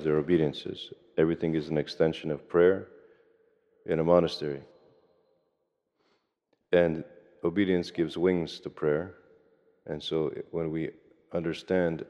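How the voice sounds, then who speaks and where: A very deep, dark-toned man preaches a sermon as a monastic priest, keeping his pitch almost level and slowing down to stress key phrases. His voice carries a long church reverb, and the recording sounds dull and lo-fi.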